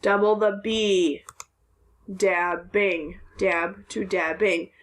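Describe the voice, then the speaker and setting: A woman's voice: medium pitch, fairly even intonation, very slow. A woman teacher giving a recorded phonics lesson for young children, patiently sounding out words syllable by syllable.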